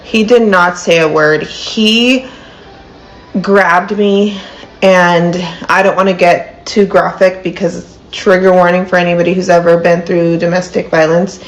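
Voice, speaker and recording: Woman in her 30s telling her own story to camera, lowish voice, lots of likes and ums. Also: fairly even intonation, a little slow, rough recording. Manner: earnest, many fillers like "like" and "um". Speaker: storyteller in a played clip. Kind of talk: personal story told to camera.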